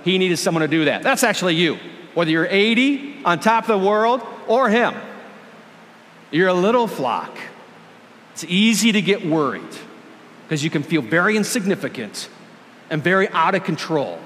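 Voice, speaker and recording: A pastor preaching a sermon, earnest and emphatic, drawing out key words slowly for effect. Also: male voice, high-pitched, expressive, a bit bright, big-room sound. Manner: earnest and emphatic, with dramatic slowdowns. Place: church.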